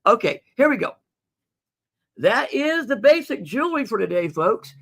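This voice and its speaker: A man's voice: very high voice, very animated, moderate pace, gravelly, a bit bright. A man hosting a casual livestream sale of coins and jewelry, chatty and folksy, calling viewers "folks.". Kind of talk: casual live sales stream.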